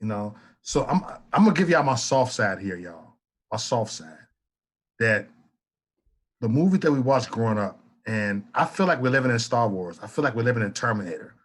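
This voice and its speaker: Male panelist, husky voice, swings up and down in pitch, preachy and emphatic, curses freely. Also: expressive, moderate pace. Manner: emphatic, preachy, repeats words, swears. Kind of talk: casual political podcast chat.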